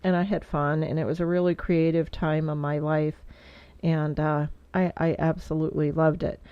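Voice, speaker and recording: A woman's voice: low voice, little pitch movement, normal speed, smooth, dry recording. A middle-aged woman vlogging in a casual heartfelt monologue, rambling with lots of fillers, stuffy-nosed and teary. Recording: dull lo-fi dry sound.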